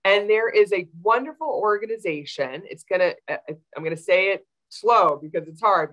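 A woman's voice: mid-range voice, animated, moderate pace, hardly any pauses, rough recording. A woman veterinarian answering audience questions on a video call, explaining with many fillers. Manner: warm, explanatory, with frequent fillers.

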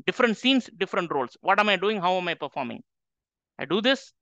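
A man's voice: high-pitched, big pitch swings, fast, sharp tone, dry recording. A man teaching a Quran class to an audience, emphatic and full of rhetorical questions. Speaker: Islamic teacher. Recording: slightly dull lo-fi recording.

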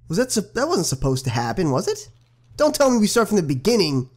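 A young man casually commenting on his own video game playthrough, excitable and profane, talking back to the characters on screen. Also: high-pitched, fairly quick. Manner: excitable, swears a lot, talks to the game characters. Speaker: gaming channel host. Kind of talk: casual let's play commentary.

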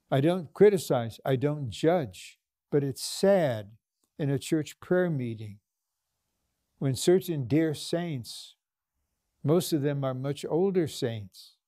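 A man preaching a conference sermon, slow and emphatic, repeating his points and breaking into prayer. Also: on the high side, dark tone, dry recording, clean studio sound. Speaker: conference speaker.

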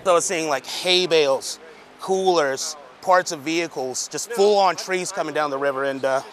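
A man's voice: on the high side, normal speed. A local man outdoors on a steep hillside, talking emotionally in a field interview. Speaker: local resident.

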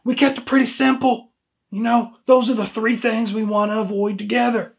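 A man's voice: extremely high pitch, little pitch movement, moderate pace, gravelly. A man plays a weary human resources supervisor scolding an employee in a comedy sketch. He talks in a dry, pointed way and keeps repeating the employee's name. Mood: exasperated. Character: exasperated male HR supervisor.

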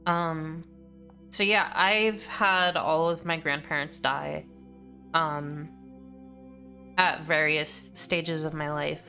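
A woman's voice: low-pitched, fairly even intonation, slow, long pauses, pushed and bright, soft background music. A woman streamer talking through a game in a chatty, candid way. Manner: chatty, candid, laughs easily. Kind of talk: casual let's-play commentary.

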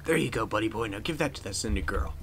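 A man's voice: on the low side, expressive, fast talker, gravelly, fairly bright tone, soft background music, pitched below the performer's own voice. A man playing a shady old-timey school janitor. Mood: salesy, shady. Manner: folksy, shady, old-fashioned slang.

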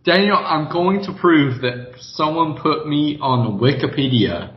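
A man's voice: a little high, measured pace, highs cut off. A young man, a podcast co-host in casual chat, who teases the others, swears freely and laughs a lot. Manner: teasing, profane, laughs a lot.

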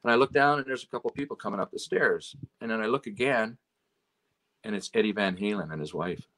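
A man's voice: lowish voice, fast talker, a bit bright. Rambling man telling road stories. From Canada. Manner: rambling, peppered with "you know" and "right?". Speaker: guest, road and stage manager. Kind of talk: casual storytelling chat.

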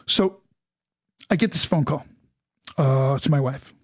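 High-voiced middle-aged man telling stories. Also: slow pace, dry recording, studio quality. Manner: animated, acts out quoted dialogue. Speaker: interview guest. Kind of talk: storytelling in a casual interview.

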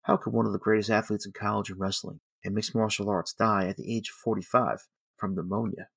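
A man giving solemn, steady scripted narration for a documentary. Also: fairly low pitch, brisk, creaky, slightly rough, no room sound, clean studio sound.

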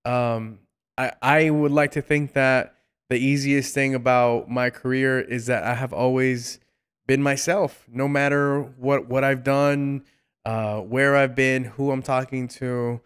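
A man hosting a casual interview, speaking in a halting way with lots of restarts and some playful teasing. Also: mid-range voice, level tone, clean tone. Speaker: podcast host.

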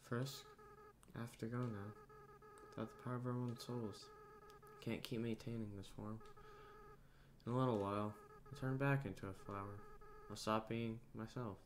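A man reading out the lines of a young goat-monster boy in a game, soft and halting, as if choked up with regret. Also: mid-range voice, steady tone, slight background noise, lightly acted. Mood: tender farewell. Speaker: gamer reading game dialogue aloud. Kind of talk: dramatic reading of game dialogue.

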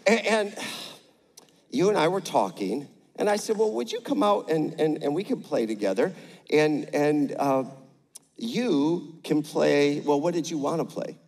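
An older man preaching a sermon on stage, energetic with the crowd and gentle with a child. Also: a little high, measured pace. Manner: energetic, rallies the crowd with call-outs; gentle and playful when talking to a child. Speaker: pastor. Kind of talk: sermon with a live demonstration. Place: large church auditorium, on stage. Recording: echoey large church hall.

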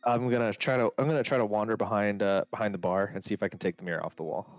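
A man with a lowish voice plays in a tabletop game, talking casually and hesitantly with fillers. The sound is dry and close, with no room to it. The recording is muffled, with faint music under it. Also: fairly even intonation, racing, no echo. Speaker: player. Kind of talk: casual tabletop role-play chat.

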